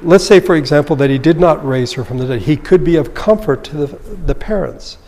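A man's voice: a little high, a little fast, a little mellow, long reverb tail. A man leading a Bible study, reading scripture aloud and then explaining it in a conversational way. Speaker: Bible teacher.

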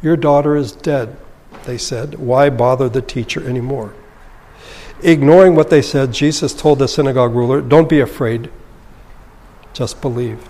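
Male Bible teacher, mid-pitched, reads then explains casually; reverb-heavy room. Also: normal speed, warm tone. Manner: reads scripture aloud, then comments in a conversational, explanatory way. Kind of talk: Bible study lesson.

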